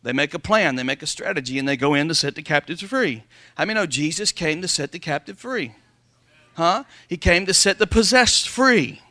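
A man preaching a sermon as pastor to his congregation, calling for amens and reading scripture slowly and loudly. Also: on the high side, animated, no room sound. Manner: preaching with call-and-response, slowing and rising to read scripture. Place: church sanctuary before a congregation.

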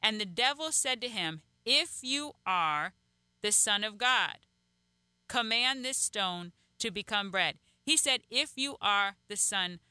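A woman's voice: medium pitch, animated, slow pace, pushed and bright, clear, resonant tone, no echo. A woman teaching from the Bible in a talk show, quoting verses and preaching. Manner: preachy, quotes scripture. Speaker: co-host.

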